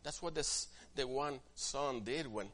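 A man preaching a sermon as pastor, swinging from quiet asides to loud, emphatic passages and acting out what church members say. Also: mid-range voice, a little slow. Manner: acts out quoted church members in different voices.

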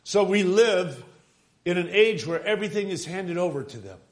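A man preaching a fervent sermon, swinging between soft low asides and loud exhorting bursts, repeating phrases and asking the congregation questions. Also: animated, moderate pace, a little hiss or hum.

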